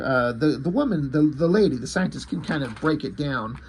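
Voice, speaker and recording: Husky man casually retelling a comic. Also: on the high side, darkish tone. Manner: rambling, halting retelling with many fillers and restarts. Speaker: comic book reviewer. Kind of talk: casual spoken comic review.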